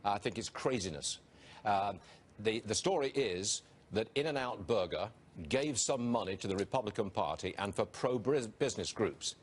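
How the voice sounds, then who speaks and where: Man, business host, lively swooping pitch, slightly husky, opinionated TV commentary. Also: normal speed. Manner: opinionated, animated delivery.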